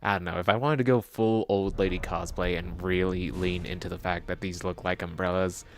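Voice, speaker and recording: A man's voice: sits low, fairly even intonation, brisk, slight background noise. A man streaming a video game, rambling and joking as he plays. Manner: jokey, rambling, talking to himself. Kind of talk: casual gameplay commentary.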